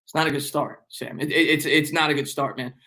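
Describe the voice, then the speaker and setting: A young man with a strong New York accent hosts a casual sports live stream and reads out viewer comments. His voice sits high and sounds bright. He rambles, repeats lines, and jokes with the chat. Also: steady tone. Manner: fast, rambling, repeats himself, joking banter.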